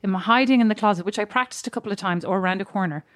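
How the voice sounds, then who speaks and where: A woman's voice: mid-range voice, very fast, a bit bright, no room sound, studio quality. A woman co-hosting a podcast, chatting casually, giggly and self-deprecating. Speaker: podcast co-host. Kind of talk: casual chat.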